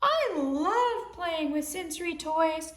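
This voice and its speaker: A woman voicing a tiny, cheerful toy rider in children's pretend play, squeaky and sing-song. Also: sing-song, slow, echoey room, background noise, heavily acted. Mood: playful.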